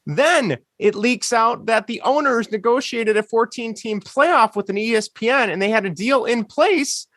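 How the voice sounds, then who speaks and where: A man's voice: extremely high pitch, moderate pace, few pauses, fairly bright tone, dry recording, studio quality. A man co-hosting a podcast, ranting sarcastically in casual chat. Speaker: podcast co-host.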